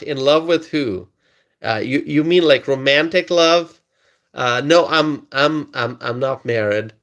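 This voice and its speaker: A man hosting a casual political live stream, chuckling often as he talks. He stumbles over and repeats words as he reads viewer comments aloud, in a voice of middle pitch. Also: gravelly, fairly bright tone. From United States.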